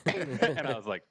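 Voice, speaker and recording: A man's voice: mid-range voice, fairly bright tone, breathy edge. A man hosting a podcast and telling a long story in casual chat, rambling and laughing often as he goes. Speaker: podcast host.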